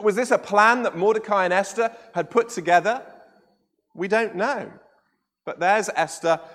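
A man preaching a sermon, retelling the story with animated storytelling and frequent tag questions to the congregation. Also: high voice. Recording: echoey church hall with long reverb.

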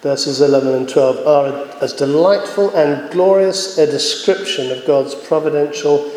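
A man preaching a sermon, earnest and measured, pausing often with fillers. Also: fairly high pitch, darkish tone. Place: church. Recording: echoey church hall with long reverb.

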